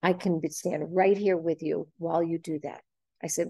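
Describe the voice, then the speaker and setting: A woman's voice: sits low, fairly even intonation, moderate pace, warm tone, slightly rough, dry recording. Older woman host, 70s, chatty storyteller, acts out the quotes, dry close sound. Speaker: host leading a group talk. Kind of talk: casual group chat. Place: boxing gym.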